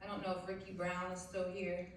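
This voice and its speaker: A woman gives a heartfelt, grateful award acceptance speech from a stage. Her voice sits on the low side. She is heard from some distance, in a very echoey hall with faint background noise. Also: completely flat delivery, brisk. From South Jersey. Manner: heartfelt, grateful, faith-filled. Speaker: award recipient. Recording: very echoey hall, far from the mic.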